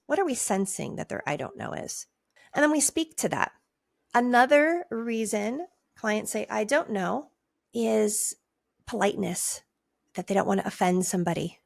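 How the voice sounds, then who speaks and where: A middle-aged woman hosting a coaching podcast, talking conversationally and acting out client replies in a higher voice. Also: gravelly, no echo. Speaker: podcast host and nurse life coach. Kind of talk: casual podcast teaching. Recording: dry close mic.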